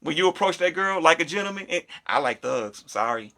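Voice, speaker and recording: A man with a fairly high, bright voice and a gravelly, fry-laden edge chats casually on a podcast. He tells things animatedly, jumping into the voices of the people he describes. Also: brisk. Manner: animated, acts out quoted voices. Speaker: podcast co-host.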